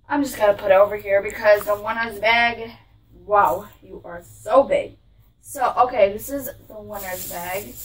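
A woman's voice: on the high side, recorded from a distance, slight background noise, poor audio. Bubbly vlogger woman with a raised voice who is set back from the mic. She gushes about her haul. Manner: gushing, bubbly, repeats how cute things are. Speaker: vlog host showing a clothing haul. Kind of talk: casual haul vlog. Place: her room with a closet behind.

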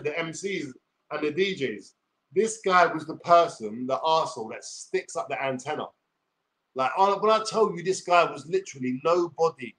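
A man's voice: on the high side, a bit bright. A man in his forties with a London accent, ranting combatively and swearing on a livestream. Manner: combative, profane, streetwise slang. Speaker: YouTuber. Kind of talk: livestream rant.

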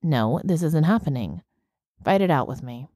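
A woman's voice: deep voice, lively intonation, moderate pace, mellow, no room sound, studio quality. A woman voicing a defensive earnest young man.

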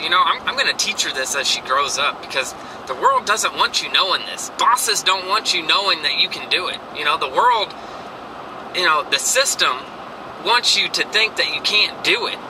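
A man's voice: a little high, recorded from a distance. A man giving a rambling, earnest motivational rant to a handheld camera while out running errands. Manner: rambling, earnest, restarts often. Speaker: vlogger. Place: in a car and outdoors. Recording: noisy car and street background.

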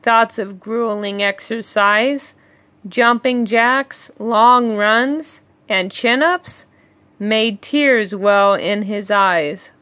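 Woman reading a rhyming storybook slowly. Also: mid-range voice, sharp tone, no echo. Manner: slow, measured reading with chuckling asides. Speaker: read-along storyteller. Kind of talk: reading a rhyming picture book aloud with asides.

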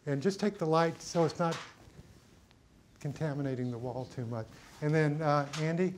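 A man's voice: fairly high pitch, moderate pace, a little hiss or hum. A middle-aged man teaching a cinematography workshop, thinking aloud with many fillers and restarts as he sets lights in a studio. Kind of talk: hands-on lighting demonstration.

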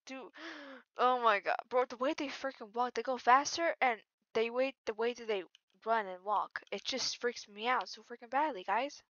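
A woman talks over her gameplay in a bright, sharp voice pitched a little high, jittery and full of slang. She drops to mumbles and then bursts into yells. The recording is dull and dry. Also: moderate pace, hardly any pauses, no echo. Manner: jittery, swings from mumbling to sudden yelling; slangy, keeps saying "bro" and "freaking". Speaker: gaming channel host. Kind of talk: casual gameplay commentary.

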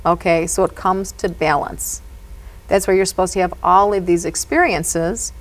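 A woman speaking as a psychic medium guest, telling stories in an animated, earnest way. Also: fairly low pitch, normal speed, poor audio. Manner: animated and earnest, often says "you know". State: emotional at moments. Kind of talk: storytelling in a conversation.

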